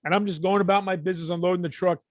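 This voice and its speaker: Man, Brooklyn accent, middle-aged, podcast co-host, animated storytelling, raised pitch, dry mic. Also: very fast, no echo. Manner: animated, profane, acts out quotes. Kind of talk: casual storytelling.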